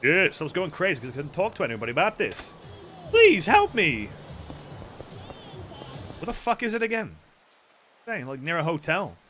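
Young brit streamer swearing n joking thru a game, very animated, bright voice. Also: male voice, a little high, fast, soft background music. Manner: sweary, playful, reads game text aloud. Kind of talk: let's play commentary.

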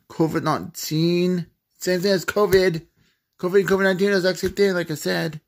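Medium in pitch with lively intonation, this gamer talks at a normal speed while casually commentating a search-guessing game. He stumbles when reading words aloud, swears offhandedly, and keeps dissolving into laughing coughs.

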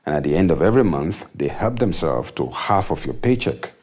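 A man's voice: rumbling low, very animated, fairly quick, background noise. Wry self-mocking male comedian. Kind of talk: comic monologue.

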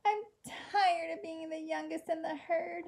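A woman's voice: very high voice, fairly even intonation, measured pace, creaky, darkish tone, heavily acted. A woman voicing a small, eager young male zebra who gets discouraged easily and sounds whiny and pleading. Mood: plaintive.

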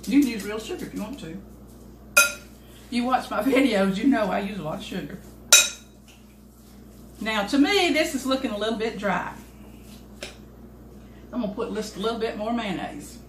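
A woman's voice: a little high, lively intonation, normal speed, pauses often, very noisy. Folksy woman cooking in an echoey kitchen. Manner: folksy, chatty, talks to the cameraman while cooking. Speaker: home cooking channel host. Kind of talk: casual home cooking demonstration. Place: home kitchen. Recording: echoey kitchen with clattering dishes.

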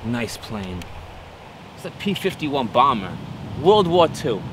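A man's voice: mid-range voice, very animated, slow pace, background noise. A man playing an eager, naive would-be pilot. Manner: insistent, repeats himself. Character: eager, naive young man dreaming of flying.

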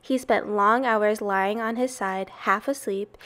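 A woman's voice: mid-range voice, fairly even intonation, slow, fairly bright tone. Woman reading a children's story aloud. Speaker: reader.

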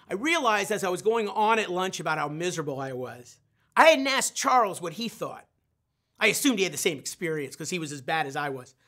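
A man's voice: high voice, pushed and bright. A middle-aged man, a sales trainer, telling a self-mocking story in a live online training session and putting questions straight to his audience.

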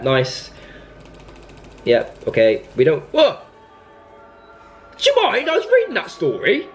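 A young man who makes gaming videos talks in a mid-range voice over slight background noise while playing a horror game. By turns he scolds the game baby and breaks into jumpy, panicked outbursts.

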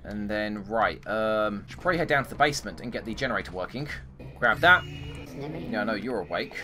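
A man's voice: lowish voice, animated, brisk, music in the background. A man hosting a gaming channel, talking casually to himself as he plays and bursting into frustrated outbursts. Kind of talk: casual let's-play commentary. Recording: game noise behind the voice. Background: game sounds and ambience.

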